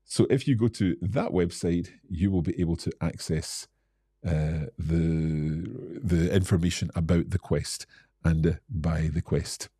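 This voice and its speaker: A man's voice: deep voice, measured pace, warm tone, husky, no room sound, clean studio sound. A Scottish man hosting a live-stream Q&A as an English teacher, reading out viewer comments and explaining things in a friendly way.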